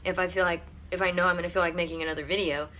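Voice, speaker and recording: A woman's voice: fairly low pitch, little pitch movement, racing, sharp tone, a little hiss or hum. A teenage girl vlogging to camera from her room, rambling with lots of fillers and close to tears. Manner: rambling, tearful, many "like" fillers. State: on the verge of tears. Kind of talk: casual storytime vlog.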